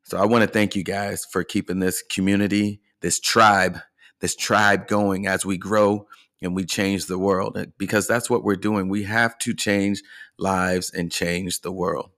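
This coaching podcast host's voice sits low, with a flat delivery, an unhurried pace, and a bit of brightness. As a life and fitness coach, he offers earnest encouragement and frequently checks in with his listener.

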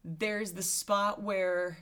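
A woman's voice: medium pitch, very slow, clean tone. Chatty woman co-hosting a movie podcast. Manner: chatty, animated, laughs often. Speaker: podcast co-host. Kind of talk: casual movie podcast chat.

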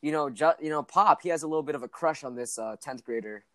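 A man's voice: fairly high pitch, quick pace, dry recording, clean studio sound. A teenage boy chatting casually on a podcast, joking crudely and rambling with lots of restarts. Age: teens. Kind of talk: casual chat.

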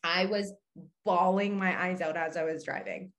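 A young woman telling a personal story in casual chat, animated and full of "like", acting out her own reactions. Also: on the low side, normal speed. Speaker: podcast guest.

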